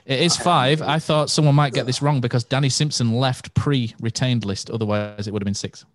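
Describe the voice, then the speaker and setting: A man hosting a quiz on a casual podcast, reading questions briskly and teasing the players. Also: mid-range voice, dry recording. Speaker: quizmaster, podcast host.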